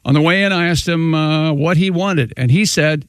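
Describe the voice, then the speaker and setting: A man's voice: on the high side, moderate pace, smooth, no room sound. A man co-hosting a radio show, reading listener letters aloud and chatting with the crew. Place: radio studio.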